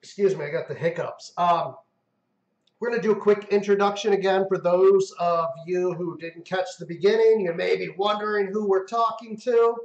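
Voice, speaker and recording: Man, high voice, excitable storyteller, casual stream host, roomy echo. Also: normal speed, muffled recording. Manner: excitable storyteller, swears, mimics himself loudly. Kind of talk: casual live-stream chat.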